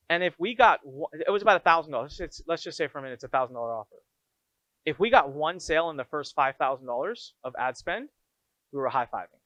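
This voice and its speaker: A man coaching his members on running an online business, telling frank, animated stories as he teaches. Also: fairly high pitch, dry recording, lo-fi sound. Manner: energetic storytelling, frank and animated.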